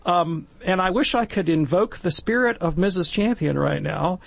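Middle-aged male panelist, gravelly and husky, lively storyteller who acts out quotes. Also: high voice, moderate pace, no echo. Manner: animated, acts out quoted voices. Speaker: panelist in a Catholic discussion. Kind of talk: casual storytelling and commentary.

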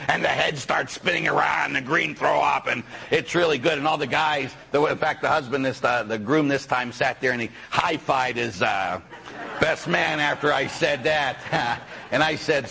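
A man preaching as a Catholic priest, telling stories in an animated way, acting out the people he quotes and breaking into sudden loud outbursts. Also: medium pitch, normal speed, gravelly, breathy edge, rough recording. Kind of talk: sermon.

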